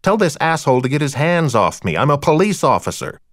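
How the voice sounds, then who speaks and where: A tough policewoman asserts her authority in short, sharp lines, voiced by a man narrating. The voice is lifted a little above his usual pitch. The sound is close and dry. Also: sing-song, brisk, no echo. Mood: assertive. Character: blunt female police detective, sister.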